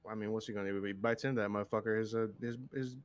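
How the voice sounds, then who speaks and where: A man's voice: lowish voice, fairly even intonation, very fast, clear, resonant tone. A man co-hosting, chatting in a joking, crude way. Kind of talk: casual chat.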